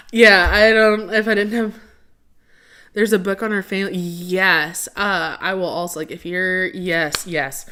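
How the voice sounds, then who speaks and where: A woman's voice: medium pitch, fairly even intonation, slow, long pauses, pushed and bright. A young woman hosting a casual livestream, chatting with viewers in a rambling way full of fillers. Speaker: livestream host.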